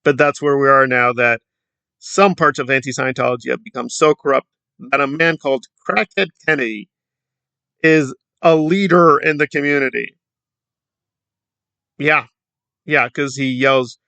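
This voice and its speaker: Sarcastic male commentator with a gravelly voice. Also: medium pitch, measured pace, pauses often, pushed and bright, no echo. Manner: sarcastic, mocking, conversational. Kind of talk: commentary vlog.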